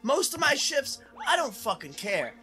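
A man's voice: extremely high pitch, moderate pace. A young man telling a rambling, profanity-laced story in casual chat during a game playthrough. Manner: animated storyteller, heavy swearing, acts out quotes. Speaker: co-host of a gaming playthrough. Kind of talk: casual chat while gaming. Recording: game music playing behind.

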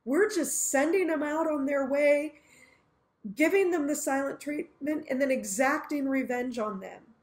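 Slow, high-voiced woman teaching scripture. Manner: earnest, acts out everyday scenarios to explain scripture. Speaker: Bible teacher. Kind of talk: Bible teaching talk.

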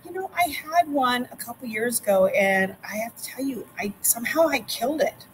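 A middle-aged woman, a master gardener guest, chatting casually and telling lively anecdotes. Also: on the high side, moderate pace, slight background noise, rough recording. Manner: lively anecdotes, acts out quotes. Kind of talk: casual storytelling chat.

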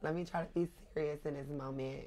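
A woman guest in a casual interview chat, joking and animated as she retells her story in a Los Angeles vernacular accent. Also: sits low, quick pace, a little hiss or hum. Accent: African American Vernacular English, Los Angeles. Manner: joking, laughs often, animated when retelling.

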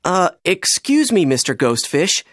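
A storybook reader voicing a curious, brave young boy clownfish with an eager, bright manner. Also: mid-range voice, big pitch swings, a little slow, no room sound, clean studio sound, pitched above the performer's own voice. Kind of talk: children's storybook reading.

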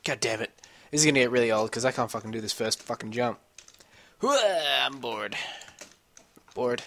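Guy mumbling and cursing his way through a game at his desk, rambly, thinks out loud. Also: medium pitch, steady tone, a little fast. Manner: rambling, swears a lot, talks to himself while playing. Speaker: gameplay commentator. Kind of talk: casual let's-play commentary. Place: home room with a computer.

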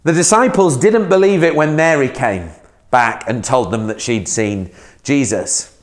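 A man's voice: medium pitch, unhurried. A man, a minister giving a sermon in a conversational way, asking the listener questions.

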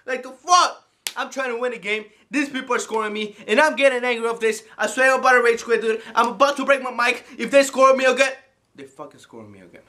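A man's voice: racing, hardly any pauses, fairly bright tone, a little hiss or hum. A man voicing a furious young male gamer who screams and swears at his microphone. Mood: raging. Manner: shrill screaming, swearing nonstop. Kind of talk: comedy skit.

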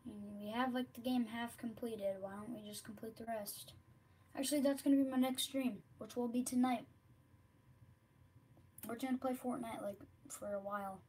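A woman giving casual, rambling commentary while streaming a video game, often dropping to quiet mutters. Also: on the high side, steady tone, moderate pace, slight background noise. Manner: chatty, rambling, drops to mutters.

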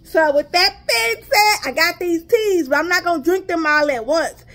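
A woman's voice: extremely high pitch, normal speed, a bit bright. A woman from Texas with a Southern accent, chatting casually to her viewers, addressing them as y'all and drifting into asides. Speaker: haul vlogger.

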